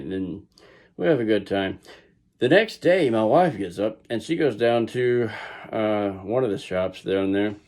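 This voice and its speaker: A man's voice: lowish voice, a little mellow. A middle-aged man with a Southern US accent tells a story casually, rambling with restarts and asides. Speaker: vlogger.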